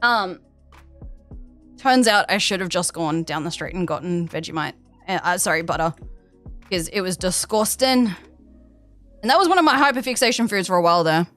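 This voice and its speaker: A woman's voice: on the low side, lively intonation, normal speed, long pauses, a bit bright, soft background music. Chatty Australian woman streamer. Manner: rambling, chatty, reads and answers chat. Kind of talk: casual chat while gaming. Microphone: headset.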